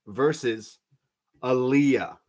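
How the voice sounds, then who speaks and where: A man co-hosting a podcast, telling wrestling stories in a lively, laughing way. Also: medium pitch, extremely slow. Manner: animated storyteller, laughs often. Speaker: podcast co-host. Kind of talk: casual wrestling recap chat.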